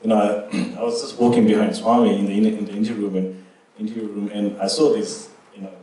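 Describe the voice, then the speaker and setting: Middle-aged man, cheeky storyteller, dark low voice, echoey room far from the mic. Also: level tone, quick pace. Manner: cheeky, chuckling anecdotes. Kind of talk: casual storytelling.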